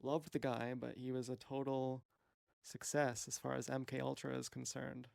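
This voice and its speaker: A man's voice: mid-range voice, level tone, moderate pace, gravelly, darkish tone, no room sound, clean studio sound. A man rambling through a meandering, profane, self-questioning monologue as a streamer.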